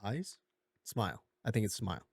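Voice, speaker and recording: A man's voice: fairly low pitch, huge pitch swings, moderate pace, creaky, dry recording, clean studio sound. Rambling man recapping a movie plot. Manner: rambling, filler-heavy, slips into goofy impressions. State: coughing a bit. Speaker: video essay host.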